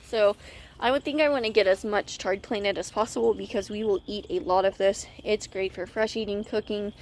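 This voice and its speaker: Woman, casual garden vlog, outdoors, slightly breathless, chatty, mid-pitched voice, faint outdoor ambience. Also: fairly even intonation, moderate pace, a little mellow, a little hiss or hum. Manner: chatty, self-correcting, friendly. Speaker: gardening vlogger.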